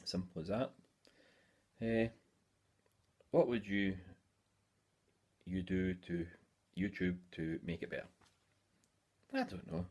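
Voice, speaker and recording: A man's voice: deep voice, slow, long pauses, darkish tone. A Scottish man in his forties chatting casually in a hobby vlog, rambling along with lots of "eh" fillers. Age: 40s. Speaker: hobby YouTuber.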